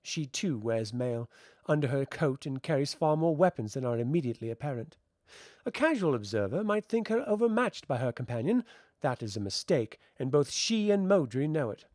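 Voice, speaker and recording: Animated man reading a fantasy novel. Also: mid-range voice, moderate pace, no room sound, studio quality. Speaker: audiobook reader.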